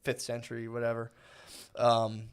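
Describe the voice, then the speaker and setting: A man's voice: medium pitch, completely flat delivery, moderate pace, clean tone. A man in his thirties co-hosting a podcast, rambling through stories in casual banter, swearing and acting out voices. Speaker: podcast co-host.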